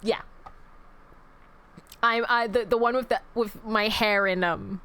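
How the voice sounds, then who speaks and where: A woman's voice: a little high, fairly even intonation, takes it slowly, bright, forceful tone, clear, resonant tone. A young woman streamer in casual chat with her viewers, rambling, correcting herself and swearing as she goes.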